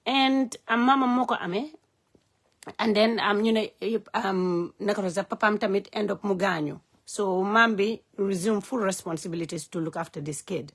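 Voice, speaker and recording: A woman speaking unscripted on a live stream from her phone. She is earnest and heartfelt, and she talks haltingly with many "um" fillers as she switches between languages. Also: medium pitch. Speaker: live-stream host and advocate.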